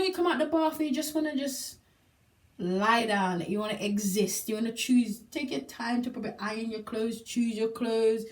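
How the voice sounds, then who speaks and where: A woman telling her story in a personal testimonial vlog, emphatic and repeating words for effect. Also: high-pitched. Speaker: single mother sharing a product testimonial. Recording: voice a little distant from the mic.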